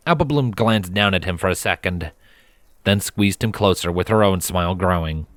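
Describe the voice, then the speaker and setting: A man narrating a fanfiction story in a calm, steady read-aloud manner. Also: sits low, moderate pace, no echo. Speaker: fanfiction reader.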